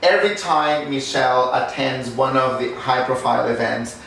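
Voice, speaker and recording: A man interviewing a guest casually, enthusiastic and quick with "wow" and laughter. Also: mid-range voice, fairly even intonation, creaky, fairly bright tone, slight background noise. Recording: echoey room, speaker far from the mic.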